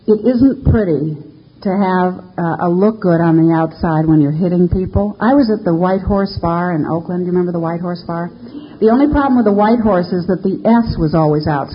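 A woman's voice: fairly low pitch, brisk, highs cut off. An older woman giving a candid, self-mocking personal testimony about her recovery to a live audience. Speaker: speaker sharing recovery story.

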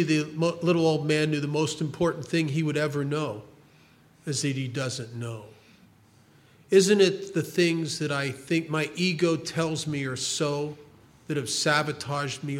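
A man's voice: on the high side, a bit bright. A man giving a recovery talk, telling a folksy parable and acting out its characters' replies. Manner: folksy storyteller, acts out the old man's shrugging replies. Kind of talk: storytelling talk.

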